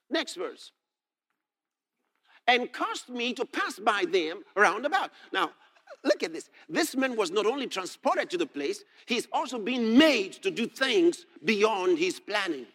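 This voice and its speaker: A man preaching a sermon, moving from soft asides to shouted scripture readings and laughing as he reads. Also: high voice, very animated, unhurried.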